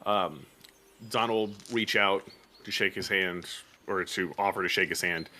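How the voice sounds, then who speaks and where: A man playing a tabletop game, his voice very deep but bright-toned. He speaks his character's lines in a polite, formal way. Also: fairly even intonation, measured pace, a little hiss or hum. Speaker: player.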